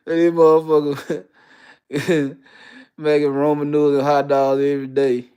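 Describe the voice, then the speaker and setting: A man's voice: on the high side, level tone, moderate pace, dark tone, smooth. A man hosting a casual monologue, talking with lots of profanity and animation and often breaking into laughter mid-sentence. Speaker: host.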